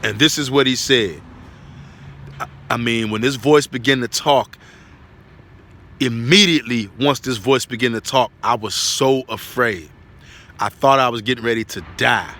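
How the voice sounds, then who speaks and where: A man's voice: mid-range voice, moderate pace, pauses often, pushed and bright. A man giving an earnest spoken religious testimony, repeating himself and checking in with tag questions.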